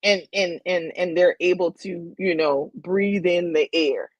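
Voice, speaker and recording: A woman guest speaking slowly and haltingly about a lost friend, repeating words as she gathers herself. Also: lowish voice, steady tone, dry recording, muffled recording. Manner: slow, halting, repeats words while searching for them. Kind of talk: emotional tribute conversation.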